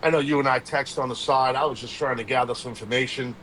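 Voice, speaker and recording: A man's voice: mid-range voice, fairly even intonation, quick pace, fairly bright tone, a little hiss or hum. A man co-hosting a podcast, chatting in an agreeable, laid-back way. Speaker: podcast co-host. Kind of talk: casual podcast chat.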